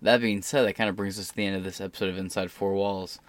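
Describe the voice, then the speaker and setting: A man hosting his own podcast, telling a story casually and getting loud and animated when he quotes people. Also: sits low, quick pace, no room sound. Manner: animated storytelling, swearing, voice rising when quoting. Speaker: podcast host.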